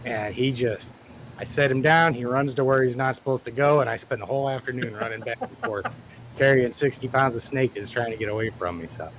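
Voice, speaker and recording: A man's voice: mid-range voice, brisk, background noise. A man chatting as a guest over a video call, easygoing and laughing between stories. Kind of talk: casual live chat.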